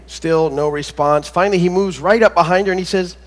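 High-voiced man preaching in an echoing hall. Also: fairly even intonation. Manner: conversational, halting with many fillers and restarts; tells corny jokes between teaching. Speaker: pastor. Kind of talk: sermon. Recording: long reverb of a church hall.

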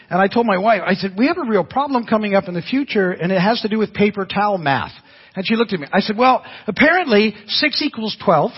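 An older pastor preaches with folksy stories and frequent restarts, his high voice slightly rough. The church audio is dull and lo-fi.

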